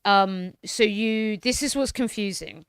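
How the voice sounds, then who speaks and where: A woman's voice: mid-range voice, measured pace, smooth, dry recording, studio quality. A woman streamer chatting casually, cursing freely and sounding out words as she practises them. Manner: casual, swears freely, repeats phrases while learning. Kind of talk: casual chat.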